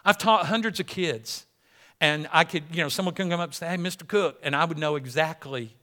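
Male pastor, middle-aged, bright and slightly high voice, lively preaching with acted-out quotes. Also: brisk. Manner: animated, acts out people in quoted dialogue. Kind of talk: sermon.

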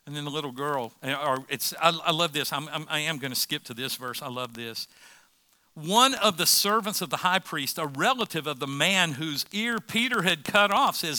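A man's voice: fairly high pitch, expressive, normal speed, bright, forceful tone, dry recording. A man preaching a sermon as pastor, conversational, with rhetorical questions.

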